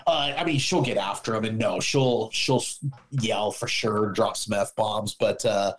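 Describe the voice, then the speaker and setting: A man's voice: on the low side, a little slow, few pauses, poor audio. Blunt, profane middle-aged man telling stories. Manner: blunt, profane storyteller, acts out dialogue. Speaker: guest, former police officer. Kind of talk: casual podcast chat.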